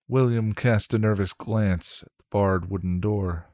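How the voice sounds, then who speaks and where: Deep-voiced man reading a story. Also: fairly even intonation, a little slow, few pauses, mellow, dry recording, clean studio sound. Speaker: story reader.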